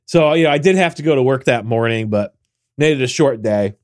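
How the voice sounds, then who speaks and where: A man's voice: medium pitch, lively intonation, a little fast, darkish tone. A man in his forties, co-hosting a podcast in casual chat, tired and congested with a nasal voice, rambling with many restarts. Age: 40s. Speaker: podcast co-host.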